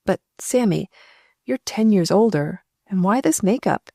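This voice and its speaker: Lady doing a jolly upper-class gent, gushing, mellow dry audiobook voice. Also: mid-range voice, lively intonation, measured pace, vocal fry, dry recording. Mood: affectionate. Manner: effusive, jovial. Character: excitable male gentleman friend, hearty.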